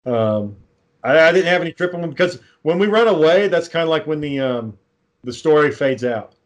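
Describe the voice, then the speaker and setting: A man in casual chat, rambling through a low-budget horror film plot, swearing freely and acting out the characters' lines. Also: expressive, normal speed. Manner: rambling, profane, acts out quoted lines. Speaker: amateur filmmaker pitching a script.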